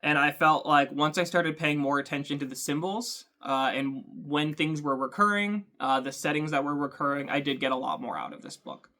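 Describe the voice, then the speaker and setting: A man hosting a book channel, talking thoughtfully to camera with frequent ums and pauses. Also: on the high side, sharp tone. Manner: thoughtful, hesitant, many ums. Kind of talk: casual talk to camera.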